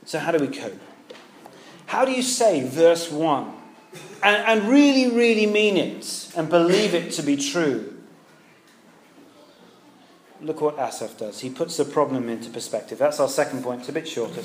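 A British man delivers a sermon with a slightly raised pitch, talking to the congregation and asking them questions as he goes. The room around him is echoey, with faint ambient noise behind. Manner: conversational, rhetorical questions, occasional restarts. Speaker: preacher.

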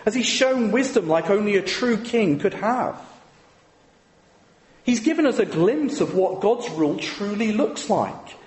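A man preaching a sermon, conversational and full of rhetorical questions. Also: sits high. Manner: conversational, asks the congregation rhetorical tag questions. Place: church. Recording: echoey hall with long reverb.

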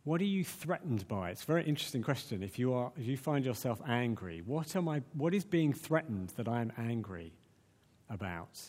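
A man preaching a sermon in a conversational, animated way, with many restarts. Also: mid-range voice, fairly quick. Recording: long reverb of a large hall.

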